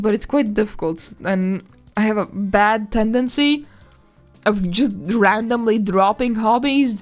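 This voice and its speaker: A woman streaming live, chatting casually and excitedly while exploring a map, squealing at animals and swearing now and then. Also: medium pitch.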